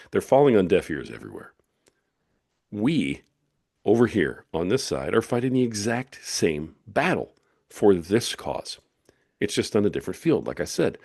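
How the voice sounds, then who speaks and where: A man's voice: sits low, a little mellow, no echo, clean studio sound. A middle-aged man hosting a solo podcast, talking in emphatic, preachy, punchy declarations. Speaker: podcast host.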